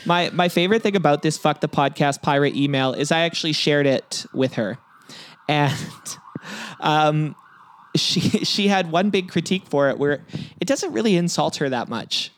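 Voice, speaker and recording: A man's voice: on the high side, expressive, moderate pace, a little hiss or hum. A man co-hosting a podcast in casual, joking chat, rambling with plenty of fillers. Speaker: podcast co-host.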